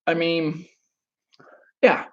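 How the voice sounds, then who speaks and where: A man's voice: on the high side, flat delivery, very slow, dull audio. A man giving dating advice on a casual live stream, answering chat with rambling, crude jokes and frequent restarts.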